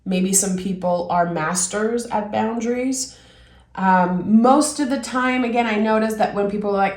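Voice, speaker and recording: A woman giving a reflective tarot reading, gently encouraging and thinking aloud as she turns the cards. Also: mid-range voice, expressive, a little slow. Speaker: tarot reader. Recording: roomy echo.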